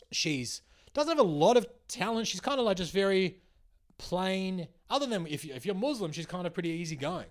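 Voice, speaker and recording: A young man with an Australian accent riffs sarcastically in a comedic podcast monologue. His pitch swings widely and expressively from line to line, and it sits a little higher than most men's. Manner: sarcastic, animated, swears freely.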